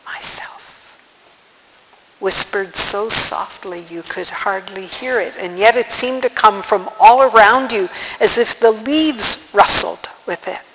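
Slow, high-voiced male storyteller. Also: in a large hall, a little hiss or hum, rough recording. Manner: unhurried, gentle storytelling. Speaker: narrator. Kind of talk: storybook reading aloud.

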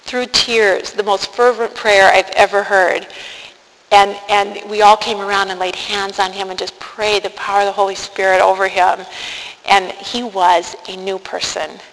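A woman's voice: medium pitch, level tone, normal speed, fairly bright tone. A middle-aged woman giving a heartfelt personal faith testimony, earnest and stumbling over her words at times. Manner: earnest and heartfelt, with frequent restarts. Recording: reverberant hall with faint noise.

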